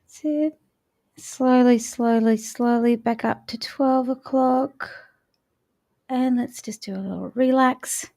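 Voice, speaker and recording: A woman coach with a slightly high voice guides a morning vocal warm-up. She keeps it chatty and encouraging, talking the listener through each stretch step by step. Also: fairly even intonation, slow, vocal fry.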